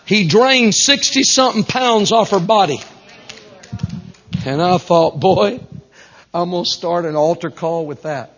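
A man, a traveling Pentecostal preacher telling stories in a fiery revival sermon, fervent and breaking into shouts and whoops. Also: high-pitched, measured pace, pauses often, in a large hall, a little hiss or hum. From South Arkansas. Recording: dull lo-fi recording.

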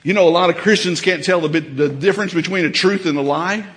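Fervent high-voiced preacher, big church echo. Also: male voice, fast talker. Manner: folksy, fervent preaching that builds to shouts. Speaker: pastor. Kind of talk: sermon. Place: church sanctuary.

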